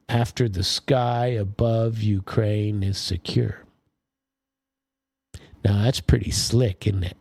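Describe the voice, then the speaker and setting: A man's voice: fairly low pitch, creaky, darkish tone, slightly rough, no echo. A man hosting a political commentary show, talking casually and rambling with many fillers and restarts. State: sleepy, yawning.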